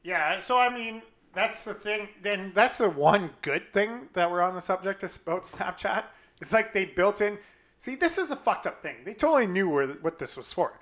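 A young man co-hosting a casual chat, telling a profane story with lively acted-out quotes. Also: high voice, normal speed. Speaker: podcast co-host.

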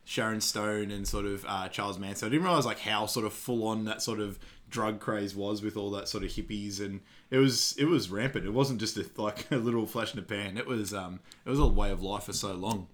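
A man's voice: lowish voice, brisk, a bit bright. A man co-hosting a casual podcast, talking through a film scene by scene. He rambles, trips over his words and laughs easily as he goes. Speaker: podcast co-host. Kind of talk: casual film recap chat.

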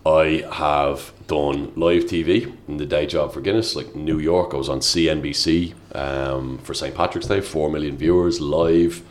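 A man with an Irish accent and a very deep voice chats casually as a podcast guest. He tells stories with lots of energy and acts out what people said. He talks in a loose, conversational way. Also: unhurried, few pauses. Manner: animated storyteller, acts out quotes loudly.

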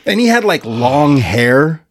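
A man's voice: fairly high pitch, takes it slowly, dry recording, clean studio sound. A man co-hosting a podcast, telling a story in casual chat and laughing as he goes. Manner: animated, laughs through his story. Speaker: podcast co-host.

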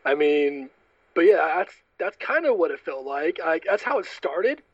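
A man co-hosting a casual podcast chat, rambling and animated, peppering his talk with fillers. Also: fairly high pitch, unhurried, no echo. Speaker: podcast co-host. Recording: dull dry lo-fi mic.

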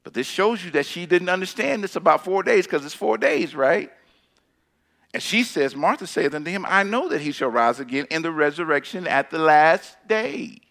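Bright-voiced preacher with sudden loud bursts. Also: male voice, a little high. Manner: reads scripture slowly, then preaches with sudden loud and hushed turns; casual, emphatic preaching with repeated phrases. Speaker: pastor. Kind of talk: sermon with scripture reading.

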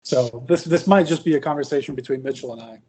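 A man hosts a casual hobby podcast, talking in a relaxed, rambling way full of restarts and fillers. His voice has a husky, slightly breathy edge at an ordinary middle pitch. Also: quick pace. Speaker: podcast host. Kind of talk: casual chat about tabletop wargaming.

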